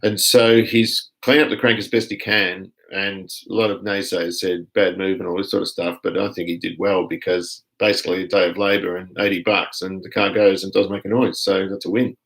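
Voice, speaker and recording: Gravelly low-voiced Australian man. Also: moderate pace, hardly any pauses, low-quality recording. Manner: relaxed, rambling, chatty. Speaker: live stream host reading viewer comments. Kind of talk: casual live chat.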